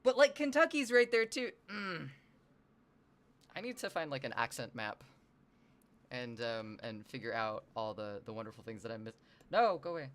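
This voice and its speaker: Casual streamer from the US Northwest chatting with viewers: a bright voice that swings widely in pitch, cursing and poking fun at themselves. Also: normal speed, pauses often. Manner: animated, swears freely, self-deprecating.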